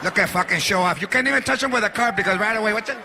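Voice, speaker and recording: A man doing shouty, animated stand-up storytelling on a live stage. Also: sits high, racing. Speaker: stand-up comedian. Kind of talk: stand-up comedy. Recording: live stage, loud crowd, noisy.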